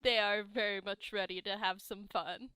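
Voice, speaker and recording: A woman narrating a tabletop game as game master, relaxed and amused. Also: mid-range voice, moderate pace, clear, resonant tone, dry recording.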